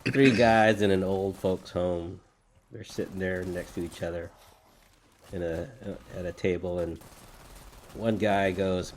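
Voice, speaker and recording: A man co-hosting a podcast, telling a dad joke with lively delivery and chatting casually. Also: sits low, unhurried, a little hiss or hum. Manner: tells a joke with lively delivery, putting on old men's voices. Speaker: podcast co-host. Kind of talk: casual chat.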